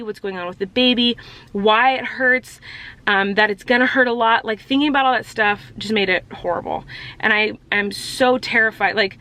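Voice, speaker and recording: A woman's voice: a little high, sharp tone. A young pregnant woman vlogging candidly about her fears, rambling with lots of "like". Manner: candid, rambling, says "like" a lot. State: expecting a baby. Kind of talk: confessional vlog.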